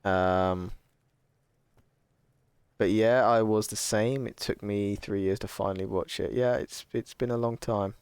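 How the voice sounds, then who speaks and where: A young man with a deep, smooth, slightly mellow voice chats casually with his stream chat at a measured pace and fairly even intonation. He rambles, corrects himself as he goes and swears freely, and the sound is dry and close with no room sound.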